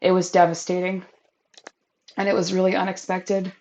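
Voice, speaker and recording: A woman's voice: medium pitch, steady tone, moderate pace, a little mellow. A young adult woman hosting a candid, emotional catch-up podcast, talking over a crackly built-in mic. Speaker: podcast host. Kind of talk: personal catch-up podcast monologue.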